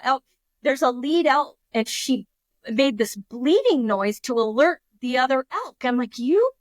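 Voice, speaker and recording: A woman guest on a podcast, telling a story in a lively, casual way and acting out her own thoughts in quotes. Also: high voice, measured pace, no room sound.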